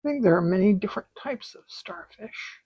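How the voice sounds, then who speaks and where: A middle-aged woman hosting a relaxed embroidery tutorial from her craft desk at home, with soft, unhurried, chatty asides. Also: mid-range voice, husky, no echo, highs cut off. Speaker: embroidery video host. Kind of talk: relaxed stitching tutorial chat.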